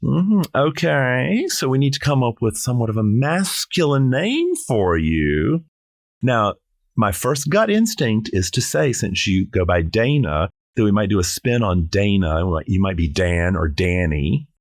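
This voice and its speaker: A man's voice: fairly low pitch, very animated, measured pace, dry recording, studio quality. A middle-aged man from South Carolina, a drag performer chatting on a podcast in a playful, theatrical, jokey way. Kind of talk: casual podcast chat.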